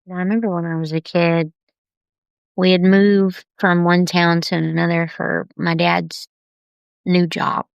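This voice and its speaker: A woman talking openly and tenderly on a live video about heavy times, unhurried and confiding. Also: lowish voice, flat delivery, gravelly, clean tone, no room sound, muffled recording. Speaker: artist sharing on a live video. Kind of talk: candid personal live stream.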